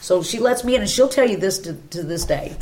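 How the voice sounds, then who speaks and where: A woman's voice: mid-range voice, animated, a little fast, darkish tone, slight background noise. A woman, a guest at a church round table, telling an emotional personal testimony and acting out the dialogue in her story.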